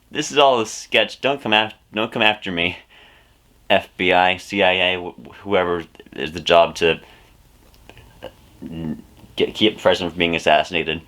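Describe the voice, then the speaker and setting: Deep-voiced man with dry asides. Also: normal speed, pauses often, bright, forceful tone. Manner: dry, self-mocking asides. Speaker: youtuber. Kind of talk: improvised comedy sketch.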